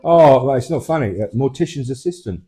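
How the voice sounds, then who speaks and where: A man in his fifties with a Portsmouth English accent, trading deadpan comic chat and stumbling self-deprecatingly over his words. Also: medium pitch, a little fast, reverberant. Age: 50s. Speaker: comedy double-act partner.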